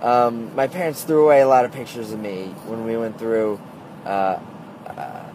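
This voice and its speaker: A man's voice: mid-range voice, normal speed, a little mellow, slight background noise. A man telling a story in a casual, rambling monologue, full of "like" and "uh", recorded on a phone. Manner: rambling, heavy use of "like" and "uh".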